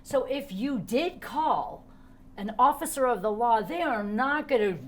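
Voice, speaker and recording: A woman hosting a casual podcast chat, an emphatic and lively storyteller. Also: a little high, measured pace. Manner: lively, emphatic storyteller who laughs often. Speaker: podcast host.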